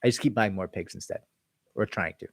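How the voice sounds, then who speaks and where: A man's voice: sits low, brisk, gravelly, slightly rough, dry recording. A man, an employment attorney, casually answering viewer questions on a livestream in a loose, conversational way. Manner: conversational, loose, with frequent "like" and "right?"; reads viewer comments aloud, then answers them. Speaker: employment attorney hosting a live Q&A.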